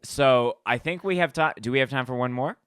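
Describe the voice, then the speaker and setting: A male podcast host with a bright, crisp, smooth voice, talking in a relaxed way full of fillers. The sound is dry and close. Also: medium pitch, brisk, no echo. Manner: relaxed, casual, filler-heavy. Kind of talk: casual chat.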